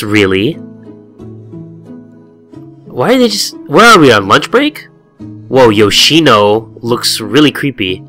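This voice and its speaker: A man narrating a horror game playthrough, his pitch bouncing all over as he cracks profane jokes and reads the on-screen text. His voice sits in a middle register, with faint game music under his talk. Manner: animated, jokey and profane, slipping into silly voices. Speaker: gaming video host. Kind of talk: let's-play commentary, reading game text aloud.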